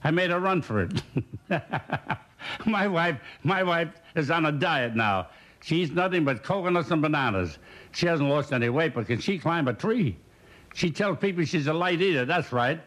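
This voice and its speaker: A man's voice: a little high, lively intonation, normal speed, fairly bright tone. An older man delivering punchy one-liner jokes and laughing at his own gags. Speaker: comedian. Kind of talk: rapid one-liner stand-up.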